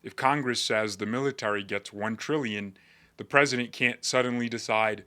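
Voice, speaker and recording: A man's voice: mid-range voice, normal speed, pushed and bright. A man hosting casual political commentary, talking in a sarcastic, joking way.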